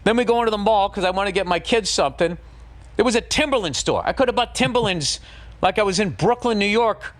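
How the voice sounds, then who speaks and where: Foul-mouthed storytelling comedian, dry sound. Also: male voice, high voice, a little fast, no room sound. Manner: animated, swears a lot, rambles with fillers. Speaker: comedian telling a story on a podcast. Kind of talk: profane comic storytelling.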